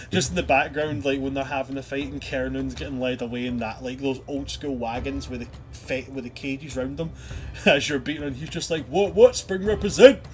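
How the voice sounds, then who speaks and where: A man's voice: medium pitch, a bit bright. A man hosting a tabletop game stream as game master, chatting loosely and energetically, with swearing and laughter. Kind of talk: casual end-of-stream chat.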